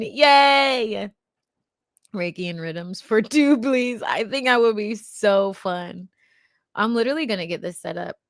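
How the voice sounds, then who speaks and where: A giggly young woman chats slowly and warmly with her livestream viewers, her voice slipping into a gravelly fry. She fills her talk with loose little fillers, and the sound is dry and close, with almost no room around it. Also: mid-range voice, no room sound. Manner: giggly, laughs often; chatty with lots of fillers. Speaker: livestream host. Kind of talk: casual live chat with viewers.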